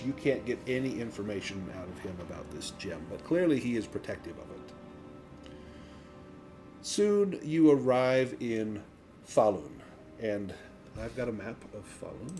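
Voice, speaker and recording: A man narrating a tabletop role-playing game as game master, descriptive and unhurried, pausing with fillers. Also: medium pitch, lively intonation, over music.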